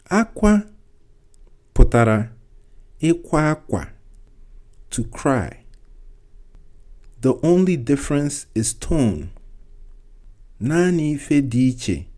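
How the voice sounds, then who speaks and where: A man gives a beginner language lesson in a slow, unhurried voice. His tone is warm and mellow, and he repeats every phrase carefully in two languages so learners can follow. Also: mid-range voice. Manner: slow and deliberate, repeating each line in English and Igbo. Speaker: language teacher.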